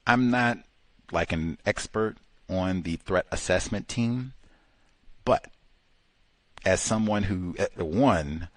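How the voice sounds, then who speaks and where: A man's voice: sits low, slow pace, long pauses, no echo. A man hosting a talk show, giving impassioned, emphatic commentary full of exclamations and rhetorical questions. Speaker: host.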